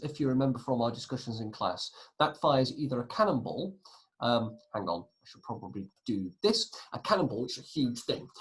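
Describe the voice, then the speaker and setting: An Englishman teaching a history class on video in a lively manner. He puts questions to the pupils and then answers them himself. His voice sits at an ordinary middle pitch for a man. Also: rough recording.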